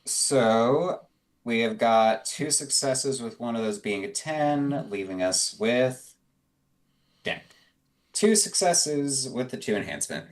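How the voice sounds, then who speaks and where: A man's voice: mid-range voice, expressive, slow. A man playing in a tabletop role-playing game, talking bluntly and swearing freely. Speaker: player. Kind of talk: casual tabletop play.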